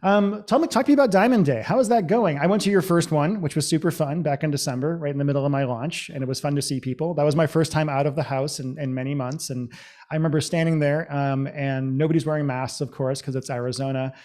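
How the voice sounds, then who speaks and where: Fast-talking blunt male podcast host. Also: a little high, a little mellow. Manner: fast, blunt and profane, lots of fillers. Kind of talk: casual podcast conversation.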